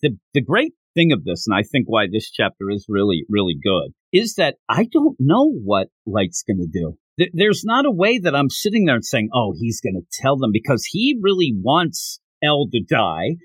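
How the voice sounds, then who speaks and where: A man co-hosting a casual podcast discussion, breaking into quick acted-out character lines as he talks. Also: mid-range voice, husky, no echo. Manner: animated, acts out characters' lines in quick bursts. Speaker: podcast co-host.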